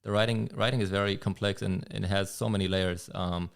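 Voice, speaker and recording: A man's voice: on the low side, steady tone, a little fast, gravelly, clear, resonant tone. A man talking as a podcast guest in a casual conversation, reflective and restarting his sentences often. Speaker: guest rider.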